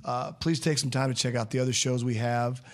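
Relaxed male podcast host, jokey and casual, calls his guest "dude". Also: medium pitch, brisk. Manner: laid-back, jokey, says "dude" a lot.

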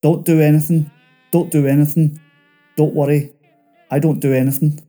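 A man voicing a chatty male escaped convict who talks fast and nervously. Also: on the high side, little pitch movement, warm tone, voice pushed up, lightly acted.

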